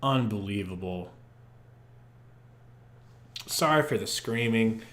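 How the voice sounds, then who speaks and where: A young man doing live fan play-by-play on a podcast stream, muttering then shouting as plays unfold, on a poor microphone. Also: on the low side, takes it slowly, reverberant. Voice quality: profane, partisan fan commentary. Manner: excitable, swings from muttering to shouting. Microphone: poor quality microphone.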